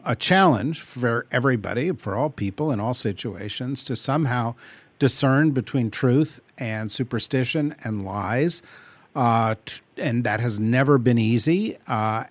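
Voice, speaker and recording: A man hosting a panel discussion, moderating in a wry, relaxed way. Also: medium pitch, no room sound. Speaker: host.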